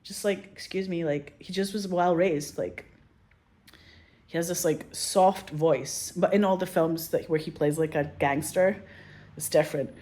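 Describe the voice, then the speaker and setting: A woman's voice: lowish voice, unhurried, warm tone. A woman, a filmmaker talking candidly in a casual interview, swearing freely and leaning on "like" as she acts out quoted voices. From Scotland. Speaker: filmmaker guest.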